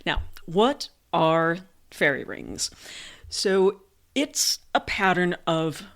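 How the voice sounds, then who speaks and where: A woman hosting an educational podcast, talking through her subject in a slow, deliberate way. Her voice sits a little lower than most women's, and she keeps a measured storytelling pace with the odd "uh" or "you know" slipped in. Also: expressive. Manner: measured, unhurried storytelling with occasional fillers. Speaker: podcast host.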